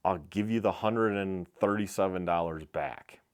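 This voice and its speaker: A middle-aged shop owner with a somewhat low voice tells a story from behind his counter. He is blunt and profane. He tells it in an animated, casual vlog style. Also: normal speed, smooth. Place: small motorcycle shop.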